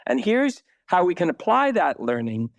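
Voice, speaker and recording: A man's voice: sits high, very animated, moderate pace, gravelly, no room sound. A man speaking as a city planner guest in a conversational podcast interview, emphatic and blunt, with occasional swearing.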